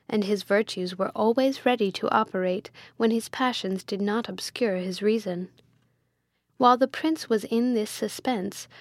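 A woman reading a classic novel aloud as an audiobook narrator, with measured, expressive storytelling on a close mic. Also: medium pitch, no room sound.

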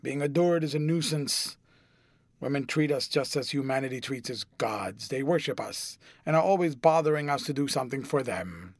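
A man's voice: medium pitch, moderate pace, dry recording, close to an everyday voice. A man playing a languid, cynical aristocrat. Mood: drawling. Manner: drawling epigrams, airy and amused.

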